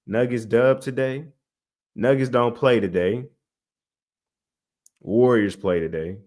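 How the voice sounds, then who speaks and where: Animated young man ranting about basketball. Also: medium pitch, slow. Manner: animated, exasperated, talks to chat directly. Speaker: sports podcast host. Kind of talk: casual livestream sports talk.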